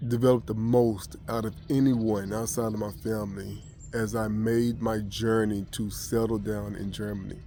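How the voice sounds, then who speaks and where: A man's voice: on the low side, dark tone, slight background noise. An American man vlogging, telling a personal story casually with many restarts and fillers. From United States.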